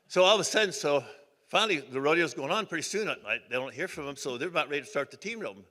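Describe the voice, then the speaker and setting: An older man from Oregon tells rambling, folksy stories at a banquet, often restarting his sentences. His voice is bright and forceful. It rings out through a big hall's long reverb, spoken into a podium mic. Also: medium pitch, lively intonation, quick pace. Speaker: hall of fame inductee giving a speech. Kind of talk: banquet acceptance speech, storytelling. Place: banquet hall.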